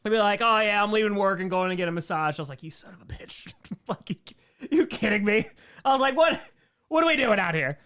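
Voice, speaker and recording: A man's voice: sits high, animated, a little fast, pushed and bright, smooth. A young man hosts a members Q&A stream, reading chat and answering with dry, sarcastic humor. His voice swings widely up and down, and he laughs easily between lines. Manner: joking, sarcastic, laughs often. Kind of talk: casual livestream chat reading comments.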